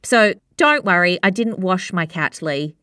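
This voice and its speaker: A woman's voice: fairly low pitch, very animated, unhurried, sharp tone, dry recording, clean studio sound. A pregnant woman in her thirties, co-hosting a podcast and telling stories in a chatty way with frequent laughs. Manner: chatty storyteller, laughs often. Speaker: podcast co-host. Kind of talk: casual chat.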